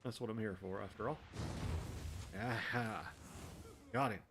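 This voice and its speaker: In an unhurried, lowish voice, a man streams a game and chats casually with viewers, running himself down as he plays. Faint music plays in the background.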